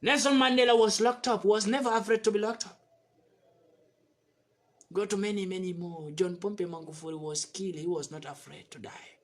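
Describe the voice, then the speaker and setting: A man from West Africa speaks in a high register, driving each point home with blunt repetition. His delivery is fiery and preacher-like, swinging between loud outbursts and low, pressing phrases. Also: steady tone, moderate pace. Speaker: activist commentator. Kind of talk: impassioned monologue.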